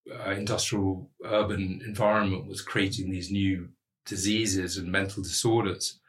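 Low-voiced male historian in an echoey room. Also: fairly bright tone. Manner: thoughtful, hedging with frequent "sort of". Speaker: historian of fear. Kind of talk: interview conversation.

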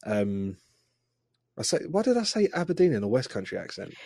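A man's voice: mid-range voice, sing-song, fairly quick, vocal fry, mellow, no room sound, clean studio sound. A man co-hosting a podcast, chatting casually and rambling with many hesitations. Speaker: podcast co-host. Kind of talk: casual chat.

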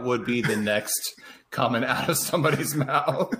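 Easygoing podcast guy, laughs a lot, pitch all over the place. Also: sing-song, takes it slowly, bright, forceful tone. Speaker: podcast co-host. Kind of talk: casual chat about a movie.

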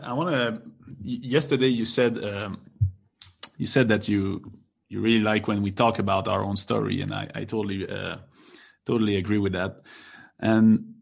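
A man's voice: fairly low pitch, gravelly. A man co-hosting a podcast who talks reflectively in a casual chat, often restarting his sentences.

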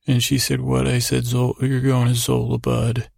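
A man with a deeply gravelly, fry-laden voice wanders through an improvised bedtime story, circling back and repeating "I said" as he trails off. His delivery is low-key and drowsy, and the sound is close and dry, with no room around it. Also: completely flat delivery, normal speed, a little mellow, dry recording. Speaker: podcast host. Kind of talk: rambling improvised sleep story.

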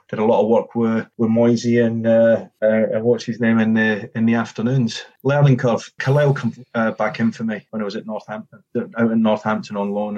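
A former footballer telling blunt, sweary stories from his playing days in casual chat. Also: fairly low pitch. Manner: swearing, animated storytelling with acted quotes. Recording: dull lo-fi sound.

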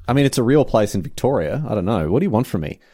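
A man's voice: on the low side, rapid-fire, dry recording, clean studio sound. An Australian man co-hosting a podcast, chatting casually in a slangy, rambling way and often breaking off mid-phrase. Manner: animated, slangy, rambling with self-interruptions. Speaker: podcast co-host. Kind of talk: casual chat.

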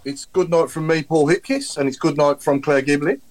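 A man's voice: fairly high pitch, normal speed. A man hosting a fan podcast and wrapping up the show in an upbeat way. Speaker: podcast host. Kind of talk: casual chat, signing off the show.

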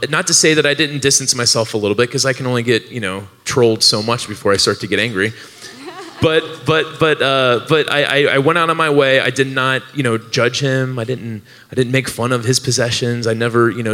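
Bright-voiced man rambling on stage. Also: medium pitch, in a large hall. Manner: rambling, lots of fillers and restarts, laughs often. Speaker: podcast co-host. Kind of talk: storytelling on stage at a live show. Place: live event venue with an audience.

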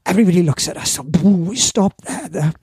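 A man's voice: high-pitched, brisk, no echo. An older Welsh man, a former surfing champion, telling rambling anecdotes in a casual interview. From Wales. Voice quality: gravelly, raspy. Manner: rambling anecdotes with lively asides. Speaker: surf shop owner and former surfing champion.

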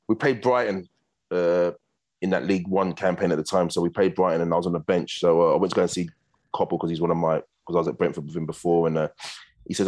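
Male guest, very low voice, brisk storyteller. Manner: fast, animated anecdotes with acted quotes. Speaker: former footballer guest. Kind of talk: casual storytelling interview.

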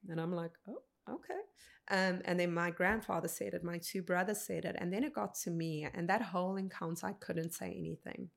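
A woman in her thirties, a podcast guest telling a personal story in an earnest, unhurried way. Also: fairly low pitch, fairly even intonation, vocal fry. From South Africa. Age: 30s.

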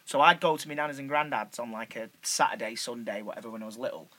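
A man's voice: medium pitch, quick pace, sharp tone. A man from northern England chatting casually, rambling with lots of fillers and swearing. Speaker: actor. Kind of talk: casual chat.

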